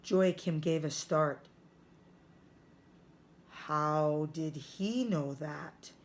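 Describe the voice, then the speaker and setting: A woman teacher reading a chapter book aloud to children, careful and clear. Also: low-pitched. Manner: slow, careful read-aloud.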